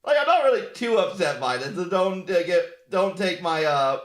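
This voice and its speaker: A man streaming as a VTuber, ranting in a sarcastic, animated way, swearing often and laughing at himself. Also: high-pitched, normal speed. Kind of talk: casual stream rant.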